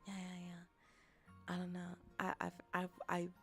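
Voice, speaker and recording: A young woman streaming a casual chat as a VTuber and ASMR creator, rambling with restarts and often dropping into soft whispers. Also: lowish voice, completely flat delivery, unhurried, creaky, faint music behind.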